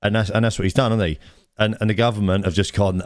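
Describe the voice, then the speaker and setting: A man's voice: fairly low pitch, steady tone, fast talker, a little mellow, dry recording, studio quality. A man co-hosting a casual podcast, rambling and restarting his sentences as he tells stories. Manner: rambling, repeats words, laughs at own stories. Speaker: podcast co-host. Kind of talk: casual banter. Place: indoors, recorded live.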